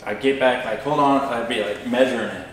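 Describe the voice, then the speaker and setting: A man's voice: mid-range voice, fairly quick, recorded from a distance. A man in a casual planning chat, giving short agreeing replies. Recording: very echoey room, faint noise.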